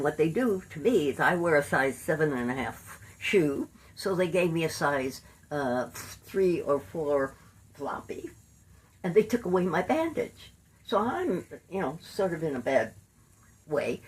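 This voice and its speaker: An older woman, a lawyer and activist, recounting her life in an oral history interview, lively and salty, acting out the people in her stories. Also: sits low, husky, far from the mic, low-quality recording. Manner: lively raconteur, laughs and curses while acting out scenes.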